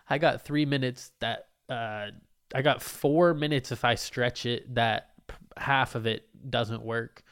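Animated young man telling a story. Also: mid-range voice, unhurried, clear, resonant tone. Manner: animated, profane, self-mocking. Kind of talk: casual storytelling.

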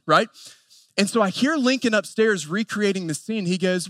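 High-voiced Appalachian male preacher. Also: fairly bright tone, no echo. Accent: Appalachian North Carolina. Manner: earnest, building lists with emphatic pauses. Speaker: pastor. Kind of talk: sermon.

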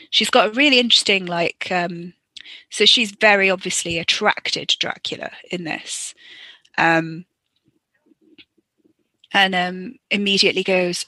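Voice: medium pitch, sharp tone, no echo. A podcaster giving chatty, joking improvised commentary over an old film. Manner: chatty, joking, many fillers.

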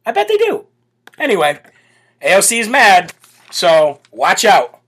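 A man's voice: high-pitched, huge pitch swings, measured pace, a bit bright, husky. A man hosting a political talk show, ranting in a brash, sarcastic and mocking way. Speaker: political podcast host.

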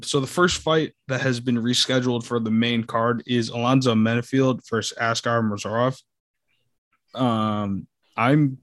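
A man's voice: medium pitch, a bit bright. Male podcast host, wry and teasing, mid-range voice. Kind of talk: casual chat.

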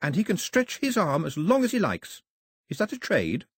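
A clever, eager young girl who talks up in a higher, lively voice, earnest and excited as she explains, as a male audiobook narrator puts her on. The voice is a little husky and sits dry and close, with no room around it. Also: normal speed, dry recording, heavily acted. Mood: delighted.

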